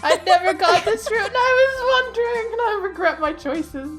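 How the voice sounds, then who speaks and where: A woman's voice: extremely high pitch, lively intonation, moderate pace, a bit bright, faint music behind. A young adult woman joking bluntly as she plays a game with friends. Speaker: let's play host. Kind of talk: casual game commentary.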